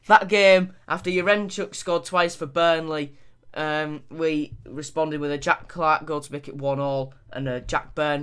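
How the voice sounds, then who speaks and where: A man giving lively video game commentary on a football match. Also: fairly high pitch, clear, resonant tone. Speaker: gaming YouTuber.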